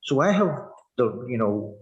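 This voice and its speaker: A man in his sixties with a Northern Irish accent, telling his personal story in a halting, earnest way, full of "you know" fillers. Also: medium pitch, sing-song, lo-fi sound. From Northern Ireland. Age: 60s. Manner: reflective and earnest. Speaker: former prisoner sharing his story. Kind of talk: personal testimony.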